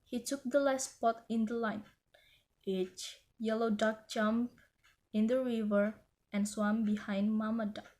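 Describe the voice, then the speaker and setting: Slow, gentle woman reading a story. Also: on the high side, fairly even intonation.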